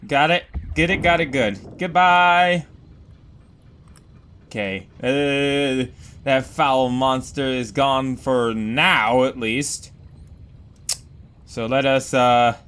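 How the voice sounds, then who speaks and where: A man doing excitable, profane game commentary, yelling and joking at the enemies on screen. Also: medium pitch. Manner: profane, jokey. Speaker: let's play gamer.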